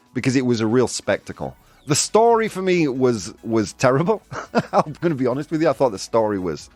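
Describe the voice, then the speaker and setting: A man's voice: medium pitch, no room sound. A man hosting a casual live-streamed news chat, jokey and chatty, laughing often between points. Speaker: show host.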